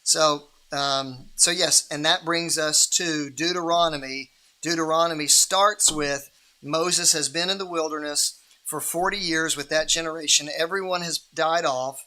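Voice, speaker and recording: A man's voice: on the high side, pushed and bright. A man hosting a livestream Bible reading in a casual, rambling way, with many restarts and fillers.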